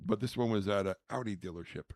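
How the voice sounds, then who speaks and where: Gravelly low-voiced guy on a podcast, swears a lot, tells funny stories, dry close mic. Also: fast talker, dry recording. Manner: storytelling, animated, swears freely, does mock posh voices. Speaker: podcast host. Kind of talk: casual comedic chat.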